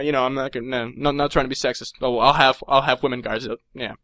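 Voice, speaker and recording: A man's voice: medium pitch, fast talker, hardly any pauses, no room sound. A young man telling a rambling comic rant about being a supervillain, stammering and acting out little voices. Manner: excitable, stammering, acts out voices. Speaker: comedic storyteller.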